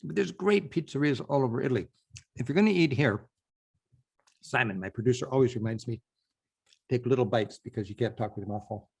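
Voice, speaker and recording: A man's voice: mid-range voice, brisk, creaky, long pauses, breathy edge. A man hosting a travel show, chatting to the camera in an enthusiastic, conversational way and repeating points for emphasis. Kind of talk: casual on-location talk to camera.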